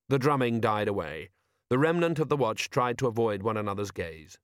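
A man reading a novel aloud in steady, wry scripted narration. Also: fairly low pitch, a little fast, clear, resonant tone, dry recording, clean studio sound. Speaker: audiobook narrator.

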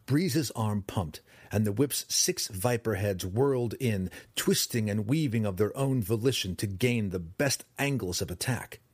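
A man narrating a fantasy audiobook in a dramatic, expressive reading style, close to the mic. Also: lowish voice, a little slow, hardly any pauses, breathy edge, no room sound.

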